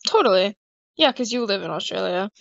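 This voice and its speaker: A woman's voice: medium pitch, lively intonation, brisk, vocal fry, a bit bright, dry recording. A young woman chatting casually with a friend while gaming, giggly and teasing. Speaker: gamer. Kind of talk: casual chat while playing. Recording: dull lo-fi sound.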